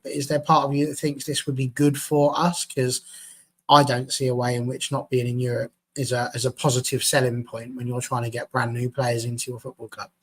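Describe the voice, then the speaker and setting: A man hosting a casual fan panel, chatty and jokey, reading out viewer comments. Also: medium pitch. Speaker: fan show host.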